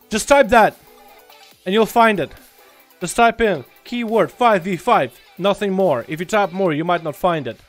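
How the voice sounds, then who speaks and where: A man streaming a game, chatting casually with viewers, greeting them by name, teasing and swearing. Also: sits high. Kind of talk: casual livestream chat.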